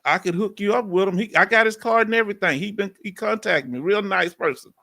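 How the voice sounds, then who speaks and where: Southern texan guy hosting a live chat, loud and folksy, kinda high voice, bright tone. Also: fast, creaky. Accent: Southern US, Texas. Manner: loud and folksy, reads out viewer comments. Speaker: livestream host. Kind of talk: casual live chat with viewers.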